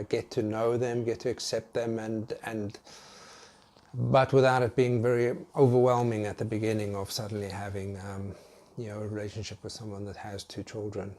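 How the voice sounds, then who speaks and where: Halting British man telling a story. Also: fairly low pitch, darkish tone, a little hiss or hum. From United Kingdom. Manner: hesitant, halting, with many restarts. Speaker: vlogger. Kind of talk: casual storytelling to camera.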